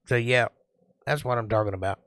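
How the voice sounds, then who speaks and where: Slow-talking man hosting a livestream. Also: mid-range voice, a bit bright, no echo. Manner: slow, deliberate, sing-song delivery. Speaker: livestream host. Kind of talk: casual chat reading viewer comments.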